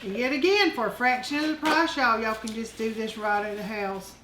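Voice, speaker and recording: A woman's voice: on the high side, moderate pace, a bit bright, reverberant, slight background noise. An older woman, hosting a casual home cooking show in a folksy, affectionate way. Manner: folksy, affectionate, calls viewers honey and y'all. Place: home kitchen.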